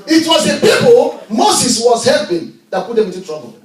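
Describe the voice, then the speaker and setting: A male pastor preaching a sermon in a church, swinging from hushed lines to shouting. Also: extremely high pitch, very animated, moderate pace. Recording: echoey church, miked from a distance.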